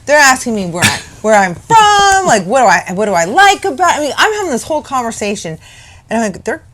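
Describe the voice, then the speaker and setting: A woman's voice: fairly high pitch, brisk. A middle-aged woman co-hosting a talk show, jumping in with her side of the story in casual chat, laughing often. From Orange County, California. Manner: expressive, jumps in to add to the story, laughs often. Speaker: radio show co-host.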